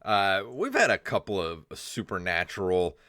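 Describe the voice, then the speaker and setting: A man with a low voice hosts a casual comedy podcast, wandering through his thoughts with plenty of "uh" and "like" and breaking into laughs. The recording is dry and close, with no room sound. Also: wildly swooping pitch, moderate pace, sharp tone, no room sound. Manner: rambling, laughs often, trails off in filler words. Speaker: podcast co-host.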